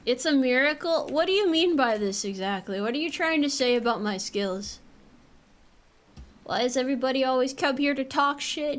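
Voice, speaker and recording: A young woman with a voice pitched a little high chats through a game stream. She keeps up a playful, teasing running commentary, tossing in casual swears. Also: animated, normal speed. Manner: playful, jokey, swears casually while playing.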